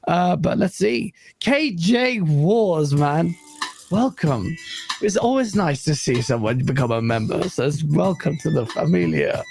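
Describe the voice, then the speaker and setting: A man hosting a casual gaming livestream panel, voice gone hoarse, blunt and swearing, laughing often and reading out super chats. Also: fairly high pitch, expressive, a little slow, a little mellow, faint music behind. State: lost voice. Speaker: livestream host.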